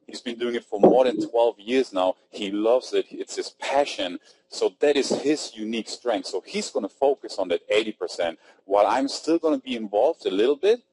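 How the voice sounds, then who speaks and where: A man's voice: on the low side, moderate pace, a little mellow, slight background noise, rough recording. German-accented man hosting a webinar. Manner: upbeat, chatty, reads out chat names. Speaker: webinar host. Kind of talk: casual webinar talk. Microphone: computer mic on webinar.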